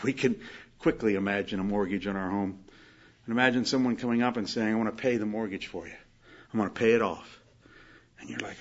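A man preaching a sermon, swinging from loud emphatic declarations to quiet, hushed storytelling. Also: mid-range voice, husky, dull audio. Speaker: pastor.

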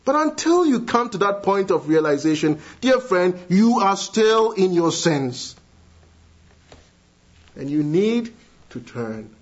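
High-voiced guy preaching, earnest, goes quiet then builds up loud, kinda muffled lo-fi audio. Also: sing-song, slow. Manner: earnest, swings between hushed and rising emphatic appeals. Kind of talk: sermon. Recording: dull lo-fi sound.

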